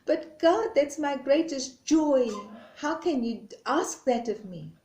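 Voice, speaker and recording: A woman voicing a devoted, anxious female reed in a spoken parable, her voice lifting high when she pleads, recorded in an echoey room. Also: expressive, slow pace, darkish tone, exaggerated voice. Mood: pleading. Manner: imploring, rising in alarm.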